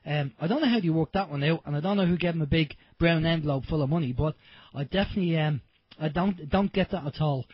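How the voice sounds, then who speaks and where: Irish male radio host, husky higher voice, dry dull lo-fi sound, chatty and rambling. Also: quick pace, dry recording. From Ireland. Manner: chatty, rambling, many fillers. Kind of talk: casual radio talk.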